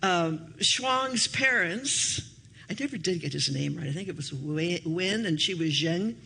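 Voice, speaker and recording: Older woman pastor, chatty storyteller, voice swooping up and down, bright tone. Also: measured pace, creaky, slight background noise. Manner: chatty and anecdotal, with lively shifts in pitch. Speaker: minister. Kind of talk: storytelling sermon. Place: church hall.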